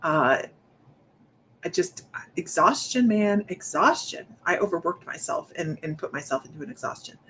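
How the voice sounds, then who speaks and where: A woman's voice: fairly low pitch, lively intonation, moderate pace, fairly bright tone, slight background noise. A woman hosting a casual psychic livestream, rambling and chatty, a bit out of breath as she greets viewers by name. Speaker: psychic medium host.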